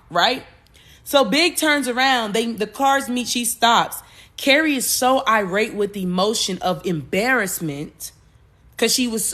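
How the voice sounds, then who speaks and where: A woman podcast host with a slightly high voice retells a movie plot in a loose, animated way. She curses and corrects herself frequently as she goes.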